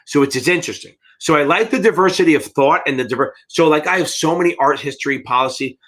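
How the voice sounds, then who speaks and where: A man's voice: a little high, quick pace, fairly bright tone. A middle-aged American man teaching exam prep in a live Q&A, blunt and rambling, with frequent swearing.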